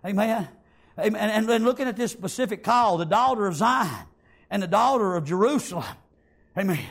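A man preaching a fiery revival sermon in a church, punctuating nearly every line with "amen" and shouted praise. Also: high-pitched, expressive, moderate pace.

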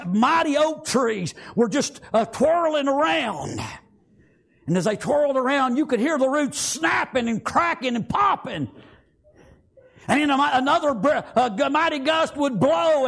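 A man preaching an emotional sermon in folksy rural grammar. He swings from loud pleading to hushed tones. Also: very high-pitched, expressive, normal speed, creaky.

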